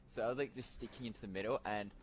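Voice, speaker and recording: A man's voice: fairly low pitch, steady tone, a little hiss or hum, rough recording. A man on a stream telling a story to his friends, hesitant and full of filler words. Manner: hesitant, halting, lots of "like". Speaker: guest on the stream.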